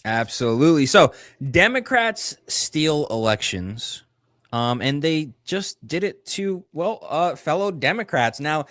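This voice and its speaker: Chatty, animated male co-host. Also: fairly high pitch, measured pace, no room sound, clean studio sound. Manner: chatty, laughs often, argumentative. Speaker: co-host of a call-in political show. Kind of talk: casual live-stream talk.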